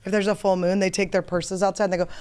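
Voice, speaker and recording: A woman's voice: medium pitch, level tone, rapid-fire, a little mellow, smooth. A woman hosting a podcast in a studio, rambling through self-mocking comic stories in casual chat. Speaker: podcast host.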